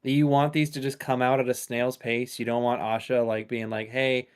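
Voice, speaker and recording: A man's voice: medium pitch, level tone, moderate pace, clean tone. A man with a mid-range voice talks casually on a gaming podcast. He tells stories animatedly, laughs often, swears freely, and acts out the people he quotes. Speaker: podcast co-host.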